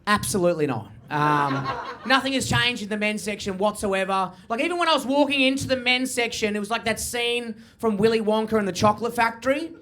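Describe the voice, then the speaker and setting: A young man does stand-up on a stage, talking fast and swearing as he acts out the people in his stories. His voice is bright and forceful, delivered into a handheld mic. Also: high-pitched. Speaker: stand-up comedian. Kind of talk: stand-up comedy set. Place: comedy stage before a live audience.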